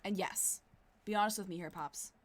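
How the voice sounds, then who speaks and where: A woman's voice: medium pitch, normal speed, natural voice. A woman reading the lines of a snarky teenage daughter from a dating game, plainly, in her own voice.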